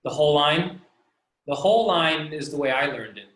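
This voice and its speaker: A man's voice: on the high side, fairly bright tone, roomy sound. A man teaching an online language lesson, drawing out each sound and having students repeat after him. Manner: slow, patient, drawn-out syllables. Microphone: video call.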